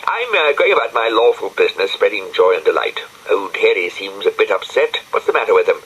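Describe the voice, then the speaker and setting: A man's voice: fairly low pitch, big pitch swings, a little fast, fairly bright tone, slightly rough, highs cut off, exaggerated voice. A man voicing a cheeky, chatty snail with a gossipy, chirpy manner.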